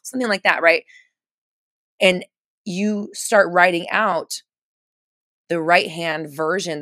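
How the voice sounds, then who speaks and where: Woman, low voice, dry close sound, casual live-stream coaching, emphatic repetition. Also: a bit bright, dry recording. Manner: casual, chatty, many fillers and restarts; emphatic, repeats phrases for stress.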